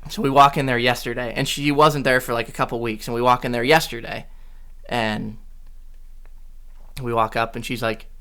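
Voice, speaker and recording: A man's voice: medium pitch, level tone, moderate pace, long pauses, pushed and bright, clean tone. A young man telling an exasperated story on a casual podcast with friends. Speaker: podcast co-host.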